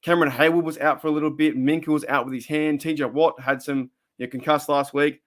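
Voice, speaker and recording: A man's voice: fairly high pitch, steady tone, quick pace. A young Australian man hosting a casual live stream, rambling and repeating himself as he reads the chat.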